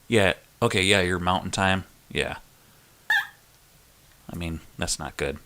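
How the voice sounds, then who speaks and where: A man with a low, slightly slow voice hosts a casual live chat stream against a noisy background. He reads viewers' messages aloud, chatting, joking, and laughing often.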